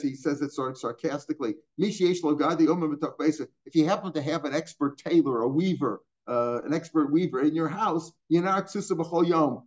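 Older man teaching Talmud, high-ish voice. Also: lo-fi sound. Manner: casual, chuckling asides, mixes Hebrew and Aramaic terms. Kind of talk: line-by-line Talmud class.

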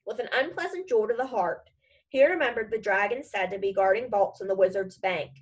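A woman's voice: mid-range voice, a little fast, slightly rough, rough recording. A woman reading a children's novel aloud in a casual storytelling manner. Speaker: reader.

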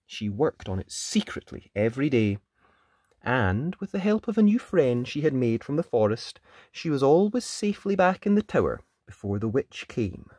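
A storyteller reading a children's picture book aloud, expressive, with whispered sound effects. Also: medium pitch, normal speed, slightly rough, no room sound, clean studio sound.

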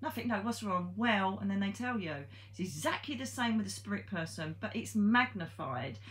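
A woman, a psychic medium, tells a ghost story to the listener. She talks casually and bluntly, with a pitch right in the middle and plenty of ums and swearing. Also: expressive, moderate pace. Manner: chatty and blunt, with frank swearing and many ums.

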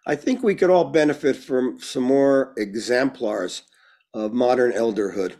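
A man's voice: medium pitch, unhurried. A man as guest in a conversational interview, telling stories with jokes and asides. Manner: animated storyteller, jokes and asides. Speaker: guest speaker.

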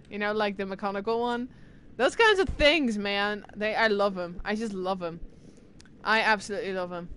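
A woman streamer chatting casually with her live viewers, excitable and talkative as she answers chat. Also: mid-range voice, normal speed, smooth. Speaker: game streamer.

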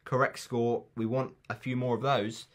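A man's voice: medium pitch, little pitch movement, moderate pace. Guy rambling about footy picks, chatty, ribs himself a bit, middling voice. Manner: chatty, rambling, self-teasing. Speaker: football predictions vlogger. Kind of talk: casual football chat.

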